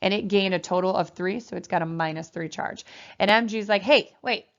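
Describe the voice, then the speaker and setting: Lady teacher giving a chem lesson, lowish voice, muffled recording, gives the atoms silly little voices. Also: steady tone, a little fast. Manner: explains with playful voiced atoms. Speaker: chemistry teacher. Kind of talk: classroom lecture.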